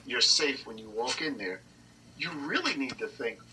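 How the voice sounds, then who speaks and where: A man's voice: mid-range voice, animated, moderate pace, sharp tone. A man hosting a podcast interview in a casual, reflective way. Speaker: podcast host. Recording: faint noise, mic at a distance.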